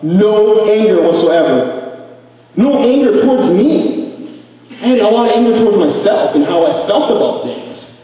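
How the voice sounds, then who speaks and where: A man's voice: high-pitched, animated, measured pace, warm tone. A young man from Africa giving an emotional personal testimony at an event. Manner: emotional, earnest storytelling. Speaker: speaker. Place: event hall. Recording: echoey hall from far off.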